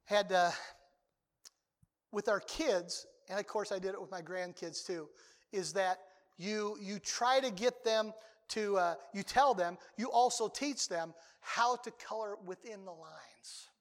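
An older man preaching a sermon as a pastor, talking conversationally and breaking into sudden loud outbursts. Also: high-pitched, measured pace, big-room sound.

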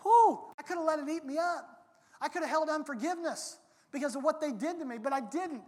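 A preacher delivering a sermon in an emphatic way, now and then bursting into loud, dramatic quotes, recorded in a large church sanctuary. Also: high voice, fairly quick. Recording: long hall reverb.

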